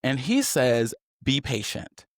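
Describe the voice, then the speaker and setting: A man hosting a podcast, telling a personal story in candid chat and acting out the people he quotes with sudden high voices. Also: slow pace, no echo, clean studio sound. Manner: animated, swings into high mocking voices when quoting. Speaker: podcast host.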